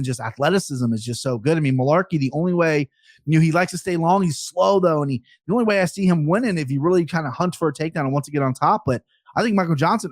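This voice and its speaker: A fast-talking man with a fairly high voice, a betting analyst who pokes fun at himself while he runs through fight picks. The sound is close and dry, with no room around it. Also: dry recording. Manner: fast, talkative, self-mocking. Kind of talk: podcast chat, fight picks.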